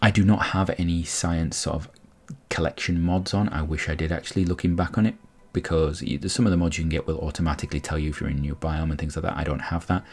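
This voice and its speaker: A man's voice: extremely low pitch, fairly even intonation, quick pace, a little mellow, breathy edge. A man giving casual, rambling commentary on a space game, explaining each step as he goes. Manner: rambling, explanatory, frequent restarts. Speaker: gameplay commentator.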